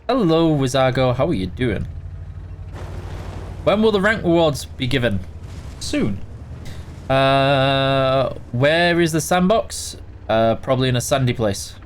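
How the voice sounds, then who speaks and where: A man's voice: medium pitch, lively intonation, slow pace, pauses often, a little hiss or hum. A man hosting a casual live game stream, greeting viewers by name and answering chat while tired and yawning.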